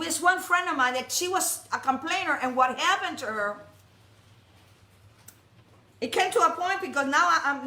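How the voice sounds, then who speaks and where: A woman giving a sermon to a congregation, telling stories in an animated, jokey way, often restarting her sentences. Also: sits high, a little hiss or hum. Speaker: speaker at a congregation. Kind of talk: storytelling sermon. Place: worship hall. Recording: echoey hall.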